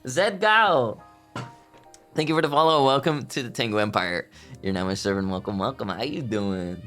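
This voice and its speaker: A man's voice: mid-range voice, lively intonation, normal speed, fairly bright tone, faint music behind. A man streaming live as a VTuber, chatting casually and playfully, often giggling and bursting into theatrical outbursts. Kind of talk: casual livestream chat.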